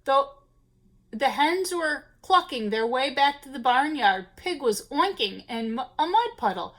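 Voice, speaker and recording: A woman reading a children's storybook aloud to young listeners, in a playful, expressive way. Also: high-pitched, unhurried.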